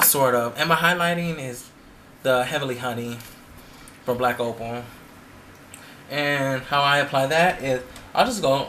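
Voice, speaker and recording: Drag performer man, makeup vlogger; playful chatter, a bright voice, mid pitch, faint hiss behind. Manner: chatty and playful, with sassy asides. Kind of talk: casual makeup tutorial.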